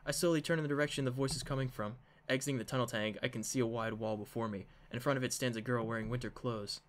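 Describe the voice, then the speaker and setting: A man's voice: mid-range voice, fairly even intonation, quick pace, hardly any pauses. A man reading a visual novel aloud in a dramatic way, slipping in joking asides. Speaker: game narrator.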